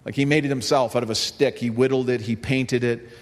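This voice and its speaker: A man's voice: medium pitch, steady tone, a little fast. A man pastor delivering a sermon, telling a story and then rising to fervent emphasis. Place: church sanctuary. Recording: long reverb of a large hall.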